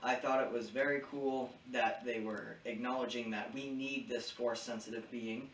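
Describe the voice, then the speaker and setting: A man's voice: mid-range voice, fairly even intonation, normal speed, fairly bright tone. Casual man recapping in an echoey room. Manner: retells plot casually, slipping into quoted voices. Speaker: podcast co-host. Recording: echoey room, distant mic, faint hum.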